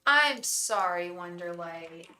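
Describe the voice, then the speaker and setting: Speaking slowly in a lowish, animated voice that's bright and forceful, this English woman hosts a live tarot stream in a roomy-sounding space. She chats effusively and casually with viewers, greets them by name, and keeps restarting her sentences.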